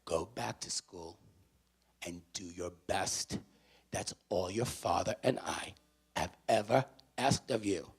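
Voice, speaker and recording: A man quoting his stern but loving middle-aged mother in a hushed, near-whispered voice. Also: on the low side, unhurried, breathy edge, exaggerated voice. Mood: quiet firm.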